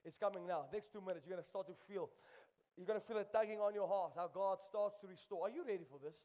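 A man's voice: sits high, fast, mellow, big-room sound. A man preaching a sermon in a church, impassioned and repeating phrases for emphasis. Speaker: pastor. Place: church sanctuary.

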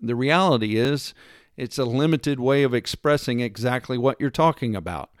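A man's voice: mid-range voice, normal speed, clear, resonant tone, no room sound, clean studio sound. A man delivering an opinion monologue, emphatic and sarcastic, lecturing with rhetorical questions. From United States. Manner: mimics accents in quoted lines. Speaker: commentator.

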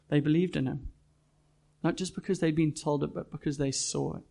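Male pastor, earnest sermon delivery, gravelly tone. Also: a little high, fairly even intonation, normal speed, mellow. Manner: earnest, direct questions to the congregation. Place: church.

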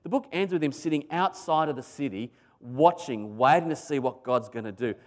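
Animated Australian male preacher. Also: on the high side, fairly quick. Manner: animated storytelling, swings between loud emphasis and soft asides. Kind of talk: sermon.

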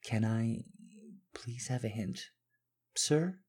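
A man's voice: medium pitch, lively intonation, slow pace, darkish tone, husky, pitched above the performer's own voice. A man voicing a nervous, eager young man who sounds flustered and breathless when he pleads. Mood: pleading.

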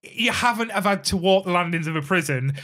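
A young man with a British accent and a slightly higher voice than most men, co-hosting a casual podcast. He chats freely, chimes in with quick agreement and swears without a second thought. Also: lively intonation, a bit bright. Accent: British English. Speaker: podcast co-host. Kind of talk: casual chat.

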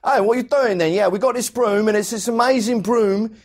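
A man putting on a brash British infomercial pitchman. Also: fairly quick, lightly acted. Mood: cheery pitch.

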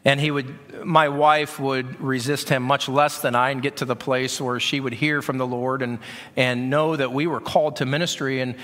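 A man's voice: mid-range voice, flat delivery, moderate pace, fairly bright tone. A middle-aged man preaching a sermon to his congregation, talking conversationally and often repeating words as he goes. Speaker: pastor. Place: church sanctuary. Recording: long reverb of a church hall.

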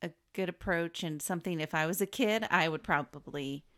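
A woman's voice: fairly low pitch, brisk, a bit bright. A woman co-hosting a podcast, chatting casually about a film and laughing easily. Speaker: podcast co-host.

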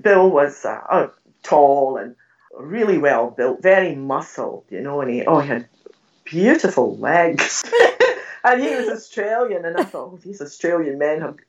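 An older woman telling stories in an interview, animated and laughing often, acting out what she said back then. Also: sits low, unhurried. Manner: animated storyteller, laughs often, acts out her own past words. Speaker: guest telling ghost stories. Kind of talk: storytelling in an interview. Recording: dull, slightly distant recording.

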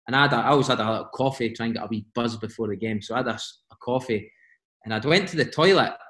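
A man's voice: mid-range voice, very fast. Scottish man telling stories in a roomy room. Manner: animated, laughing often, quotes teammates in voices. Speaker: podcast guest. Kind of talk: casual storytelling.

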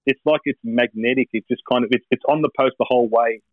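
A relaxed Australian man with a medium voice, co-hosting over a video call. He chuckles often. His audio is dry and a little dull. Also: medium pitch, fast, no room sound. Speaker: podcast co-host. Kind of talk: casual chat.

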